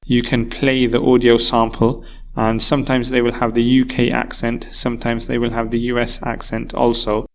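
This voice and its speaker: A man's voice: medium pitch, completely flat delivery, normal speed, creaky. A man teaching a recorded English vocabulary lesson, explaining patiently and repeating key words. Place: university course video.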